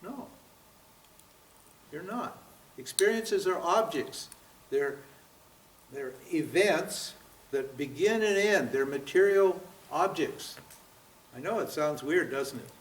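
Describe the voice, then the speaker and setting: A man in his seventies giving a spiritual seminar lecture, pressing his listeners with rhetorical questions and frequent "huh?" and "what?". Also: a little high. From United States. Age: 70s. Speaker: spiritual teacher. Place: seminar room at a yoga center. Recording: roomy, from far off.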